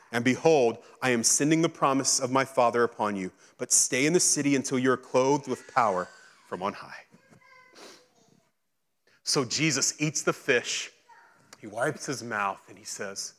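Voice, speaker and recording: A man preaching a sermon, reading scripture and acting out its dialogue, swinging between excited and hushed delivery. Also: mid-range voice, a little slow. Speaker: pastor.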